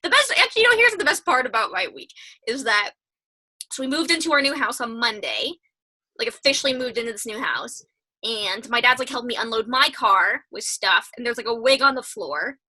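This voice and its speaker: A woman's voice: a little high, very animated, a little fast, pushed and bright. A young woman co-hosting a podcast in casual, giggly chat. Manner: giggly and chatty. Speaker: podcast co-host.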